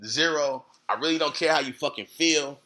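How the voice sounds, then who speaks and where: A man's voice: on the high side, normal speed, pushed and bright. A man, ranting on a livestream in a profane, confrontational way, repeating himself often. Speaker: streamer. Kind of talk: heated livestream rant.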